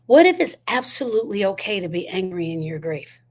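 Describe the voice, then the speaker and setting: A woman's voice: mid-range voice, very animated, a little fast. Woman giving an emphatic grief talk. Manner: emphatic, repeated rhetorical questions. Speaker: grief educator.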